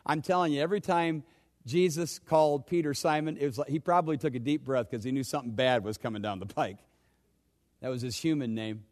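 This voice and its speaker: A male pastor preaching a sermon, swinging between loud urgent questions and hushed, low asides. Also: expressive, fairly quick.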